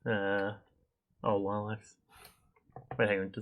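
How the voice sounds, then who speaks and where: A young man streaming a game, chatting casually and thinking out loud with lots of fillers and restarts. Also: fairly low pitch, level tone, measured pace, pauses often, slight background noise. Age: young adult. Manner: rambling, chatty, thinks aloud with many fillers. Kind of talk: casual gameplay commentary.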